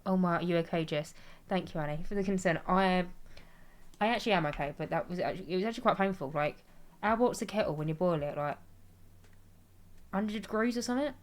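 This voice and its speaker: A woman's voice: on the low side, quick pace. Chatty woman streamer. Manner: chatty, rambling, self-deprecating, laughs often. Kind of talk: casual chat while gaming, reading chat aloud.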